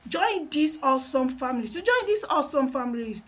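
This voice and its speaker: A woman's voice: high voice, expressive, brisk, fairly bright tone, highs cut off. A woman with a Nigerian Pidgin accent hosting a live radio sports show, switching between Pidgin, English and Yoruba and hyping her listeners. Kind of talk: lively radio show banter. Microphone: studio mic.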